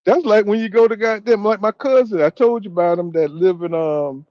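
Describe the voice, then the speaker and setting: A man from Florida co-hosting a casual boxing podcast chat, telling animated stories, mimicking people and swearing freely. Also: sits high, fairly quick, no echo, lo-fi sound.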